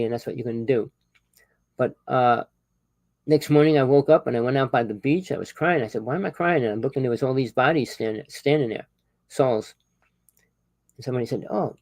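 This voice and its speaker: A man delivers a spiritual monologue in a rather high voice, pressing the listener with one rhetorical question after another. His loudness swings from sudden emphatic bursts to quiet, low asides. The recording is dry, with almost no room sound. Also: no echo. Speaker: spiritual teacher.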